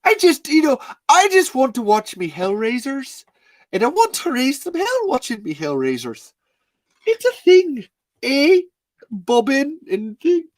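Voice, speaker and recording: A chatty, gushing Irish fellow, put on by a man who swoops way up high and ends his lines with a questioning "eh?". The sound is dry and close, with no room echo. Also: wildly swooping pitch, measured pace, full character voice. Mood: gleeful. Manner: sing-song and exaggerated, ending lines with "eh?".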